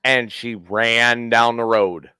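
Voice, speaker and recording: A man's voice: medium pitch, steady tone, slow pace, sharp tone, smooth, no echo. A man hosting a casual podcast, telling a long profane story and acting out the quotes. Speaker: podcast host.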